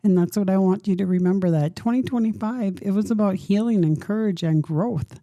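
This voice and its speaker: A woman's voice: mid-range voice, a little fast, warm tone, no echo. A woman in her fifties hosting a solo podcast, talking in an earnest, open way and encouraging her listeners directly. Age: 50s. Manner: open and emotional, thinking aloud. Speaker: podcast host. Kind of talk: reflective solo podcast talk.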